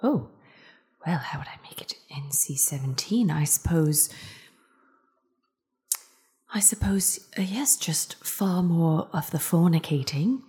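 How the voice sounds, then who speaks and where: Whispered role-play: a woman doing a low, breathy, prim female spy, nervous and proper. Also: expressive, slow pace, pauses often, warm tone.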